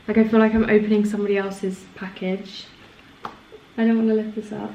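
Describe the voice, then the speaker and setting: A woman in her twenties vlogging casually to camera, chatty and excitable, now and then hushed and emotional. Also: medium pitch, fairly quick, dull audio, slight background noise. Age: 20s. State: has a headache. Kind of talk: casual vlog chat to camera. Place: home office room, indoors. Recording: echoey room.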